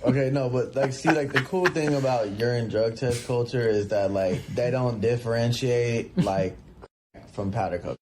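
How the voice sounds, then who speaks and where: A man's voice: medium pitch, moderate pace, a little mellow, slight background noise. A man chatting in a rambling, slangy way, full of fillers. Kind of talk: casual comedic chat.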